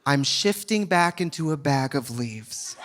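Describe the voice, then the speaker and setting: A drag comedian does stand-up in a fairly high, slightly slow voice with lively intonation, campy and sardonic, often mocking people by quoting them in put-on voices. It's a live recording at a comedy venue, with loud crowd noise and the audience laughing.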